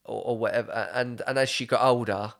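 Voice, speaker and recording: A young man chats loosely on a podcast. His voice sits at an ordinary middle pitch. He rambles, swears freely and laughs through his stories. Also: steady tone, a little fast, creaky, a bit bright. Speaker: podcast host. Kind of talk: casual chat.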